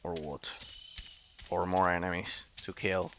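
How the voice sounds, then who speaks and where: A male gamer talks his way through a session in an unhurried drawl. His voice sits a bit low but rings bright and forward. He muses aloud, stumbles into fillers and drops casual swear words. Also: level tone, slight background noise. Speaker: gameplay commentator. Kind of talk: casual let's-play commentary.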